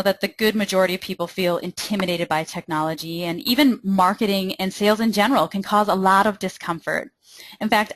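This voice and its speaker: A woman's voice: mid-range voice, a bit bright, no room sound. A young adult woman with a Minnesotan accent, presenting a marketing webinar in an upbeat, persuasive way and speaking straight to her listeners.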